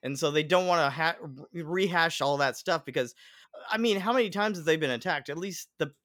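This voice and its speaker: A man's voice: fairly high pitch, fairly quick, a bit bright, dry recording. Easygoing man, close dry sound. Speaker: podcast co-host. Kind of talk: casual chat about an anime.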